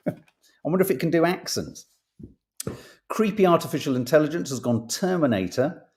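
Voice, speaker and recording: A man's voice: a little high, lively intonation, moderate pace, a little mellow. A man hosting a casual podcast, reading tabloid stories aloud with playful emphasis and jokey asides, swearing now and then.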